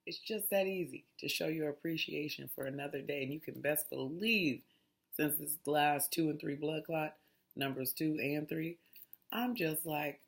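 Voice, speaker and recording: Gravelly woman chatting through a mindfulness talk. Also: deep voice, normal speed. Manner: chatty and digressive, restarts while reading. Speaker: host. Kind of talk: casual mindfulness talk, reading aloud.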